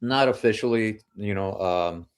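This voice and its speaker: Laid-back low-voiced man, casual chat. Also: moderate pace, smooth. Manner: laid-back, heavy swearing, lots of "dude" and "man". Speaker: podcast guest, metal musician.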